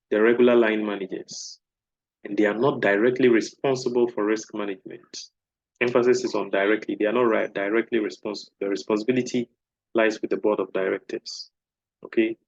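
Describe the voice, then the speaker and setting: A man lecturing on a course topic in an explanatory way, often checking in with a quick "okay?". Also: medium pitch, no room sound, muffled recording. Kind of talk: recorded lecture.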